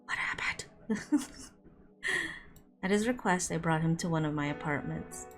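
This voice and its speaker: A woman streaming a visual novel, reading its narration aloud and breaking off for quick reactions, with music under her voice. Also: deep voice. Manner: reads narration with quick asides. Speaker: game streamer.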